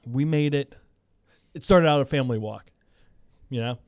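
A man's voice: mid-range voice, normal speed, no room sound, clean studio sound. Laid-back man telling a story. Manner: relaxed, laughing storytelling. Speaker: podcast host. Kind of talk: casual chat.

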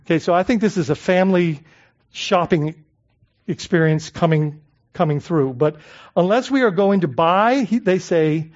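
A man's voice: high voice, moderate pace. A male pastor preaching a sermon in a conversational way, asking the congregation rhetorical questions and often repeating words as he searches for phrasing. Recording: dull lo-fi recording.

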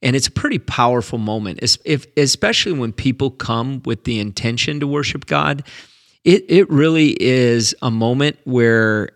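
A man, a pastor, telling a story about faith in an earnest, animated way, often repeating words as he builds up to a point. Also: mid-range voice, normal speed, no echo, clean studio sound.

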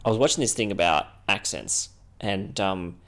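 A man's voice: low voice, normal speed. An Australian man co-hosting a podcast in loose casual chat, rambling with frequent laughs and restarts. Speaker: podcast co-host.

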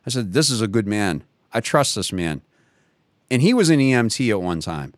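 A man's voice: fairly low pitch, big pitch swings, normal speed, no room sound, studio quality. A man telling a personal story in a casual conversation, rambling, often restarting his sentences and chuckling as he goes. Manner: rambling, many restarts and self-corrections. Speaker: guest.

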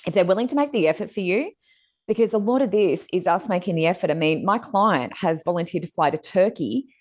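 An Australian woman co-hosting a casual chat, telling stories animatedly and mimicking others with big pitch jumps. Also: expressive, a little fast. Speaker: co-host.

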